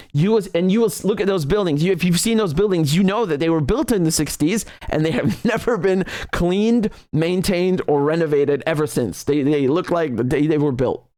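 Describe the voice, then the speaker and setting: A man's voice: fairly high pitch, a little mellow, no room sound. A man hosting a live political commentary show, talking indignantly and sarcastically with many restarts. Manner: frequent restarts. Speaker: host.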